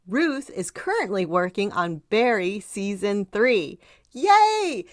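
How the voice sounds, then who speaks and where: A woman's voice: mid-range voice, expressive, unhurried, dry recording, studio quality. A woman hosting a podcast interview who talks enthusiastically, rambling and restarting her questions. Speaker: podcast host.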